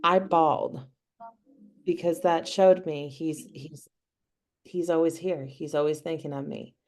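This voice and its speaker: A woman's voice: low voice, fairly even intonation, measured pace, a little mellow. A woman guest on a video call, telling stories in a rambling way full of "you know" fillers. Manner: rambling storytelling with many fillers. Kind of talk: casual chat.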